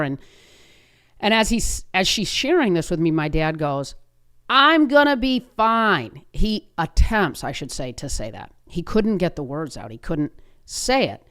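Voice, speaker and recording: A woman in her fifties hosting a podcast, telling a personal story in an earnest, conversational way with frequent restarts. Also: deep voice. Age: 50s. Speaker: podcast host.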